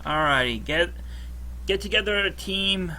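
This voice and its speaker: A man's voice: high voice, expressive, measured pace, background noise. A man acting as game master for a tabletop game, hesitant, with many restarts.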